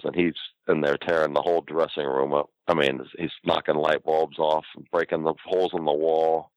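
A man's voice: rumbling low, dry recording, highs cut off. A man, a wrestling promoter, telling a rambling, profane story in a casual interview. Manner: rambling, profane, full of fillers.

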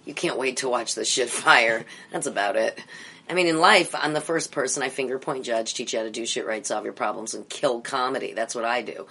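A woman's voice: extremely low pitch, brisk, sharp tone, slightly rough. A middle-aged woman, an improv teacher, talking bluntly and profanely in a candid interview.

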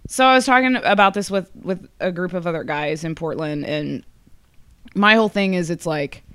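A young woman guest at a comic convention, chatting in a rambling way with many fillers and laughs, her voice a little hoarse. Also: mid-range voice, no echo. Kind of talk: casual interview chat.

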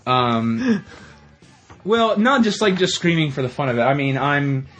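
A man co-hosting a podcast in casual chat, excitable and prone to stammering restarts. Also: fairly high pitch, unhurried, lo-fi sound. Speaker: podcast co-host.

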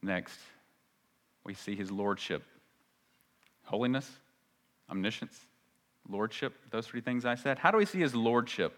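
A man preaching a sermon as a pastor, emphatic, swinging between loud and hushed and repeating phrases for stress. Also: mid-range voice, measured pace, long pauses. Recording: long reverb of a large hall.

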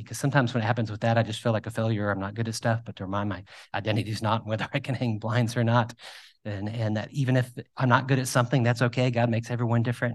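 Man preaching a self-deprecating sermon. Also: medium pitch. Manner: self-deprecating, storytelling, animated in anecdotes. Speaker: pastor. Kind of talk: sermon with personal stories.

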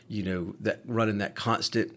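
A man's voice: on the low side, fairly even intonation, normal speed, a bit bright. A man, co-hosting a podcast, telling stories in casual chat with frequent swearing and restarts. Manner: profane storytelling with many restarts. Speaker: podcast co-host, paramedic.

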